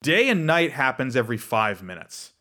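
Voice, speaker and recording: A man acting as game master for a tabletop game narrates playfully over background music. His mid-range voice is sing-song, pushed and bright, and he slips into quick character voices.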